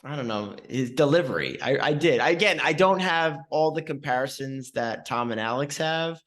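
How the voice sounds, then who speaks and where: A man's voice: medium pitch, animated, normal speed, a bit bright. A man co-hosting a movie podcast, chatting casually and laughing often. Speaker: podcast co-host. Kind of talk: casual chat.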